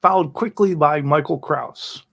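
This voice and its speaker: A man's voice: a little high, measured pace, vocal fry, a bit bright. A man hosting a casual livestream chat, easygoing as he reads out viewers' names. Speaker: host.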